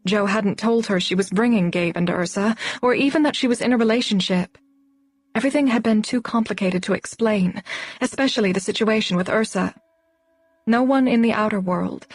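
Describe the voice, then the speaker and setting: A woman's voice: medium pitch, moderate pace, dry recording. Woman narrating an audiobook, dry and close.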